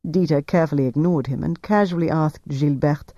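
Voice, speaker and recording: A man narrates a novel in a measured, even voice. His tone is dark and mellow. The recording is dry and close, with a dull, lo-fi edge. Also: fairly high pitch, no room sound. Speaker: audiobook narrator.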